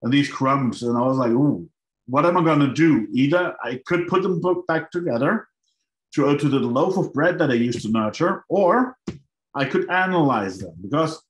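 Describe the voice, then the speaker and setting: A middle-aged man telling his own story to an audience in an animated way, acting out his past thoughts. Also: on the high side. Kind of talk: personal storytelling talk to an audience. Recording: roomy hall sound.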